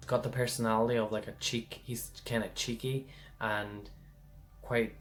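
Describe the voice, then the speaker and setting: A man's voice: medium pitch, little pitch movement, moderate pace, fairly bright tone, faint music behind. A man giving a casual pick-a-card tarot reading, rambling and chatty, often checking in with the listener.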